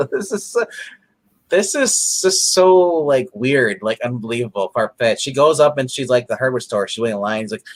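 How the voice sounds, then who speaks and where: A man's voice: medium pitch, expressive, moderate pace. A man co-hosting a casual episode recap, retelling scenes animatedly and acting out the characters' lines with frequent laughs. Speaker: podcast co-host.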